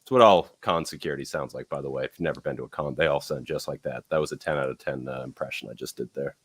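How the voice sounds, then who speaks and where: A man's voice: a bass voice, fast, fairly bright tone, husky, dry recording. A man co-hosting a podcast, talking in a rambling way with many fillers. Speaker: co-host. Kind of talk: casual podcast chat.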